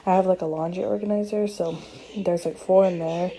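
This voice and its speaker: A young woman with a slightly hoarse voice, chatting casually in a vlog from her apartment, rambling with lots of fillers. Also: fairly low pitch, fairly even intonation, brisk, dark tone, low-quality recording. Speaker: vlogger. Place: apartment, indoors.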